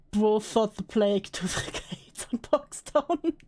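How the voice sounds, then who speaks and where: A woman's voice: mid-range voice, slow pace, darkish tone. A woman giving casual reaction commentary, sarcastic and swearing, often laughing. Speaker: commentary streamer.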